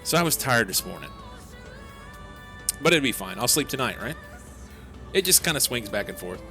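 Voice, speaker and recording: Streaming a game live, a young man rambles and answers chat, reading messages aloud over background game music. His medium-pitched voice is very animated and sharp, at normal speed.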